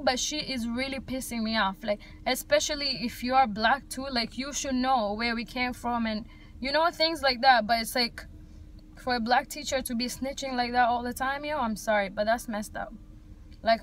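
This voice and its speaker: A woman's voice: sits high, a bit bright. A young woman from Africa, a single mother, venting to her viewers in a casual vlog, blunt and heated, swearing freely and saying "like" often.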